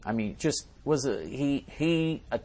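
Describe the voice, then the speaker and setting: Male host, ranting monologue, scornful, emphatic, stop-start delivery, loudness swings. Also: mid-range voice, expressive, a little slow. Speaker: talk show host reading listener messages.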